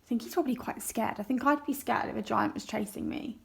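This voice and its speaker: A woman teacher, reading a story aloud to young children and asking them questions. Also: fairly high pitch. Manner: slow and clear, asks children questions. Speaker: primary school teacher.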